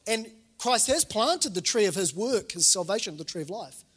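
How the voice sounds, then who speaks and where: A husky, high-pitched male voice moves at normal speed through a sermon. The speaker, a pastor in his 40s from New Zealand, tells stories animatedly in a reverberant church hall, acting out each quoted voice.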